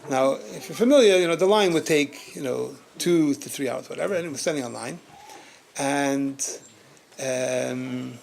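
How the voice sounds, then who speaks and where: A man, a rabbi, telling a story at a community gathering, animated, often laughing and repeating words as he goes. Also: medium pitch, unhurried, gravelly, a little hiss or hum.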